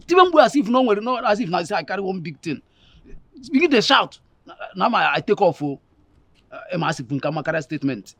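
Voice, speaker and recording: An actor with a Nigerian Pidgin accent playing an excitable young thief who rambles breathlessly. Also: male voice, high voice, no room sound, full character voice. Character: excitable young male thief telling of a botched job.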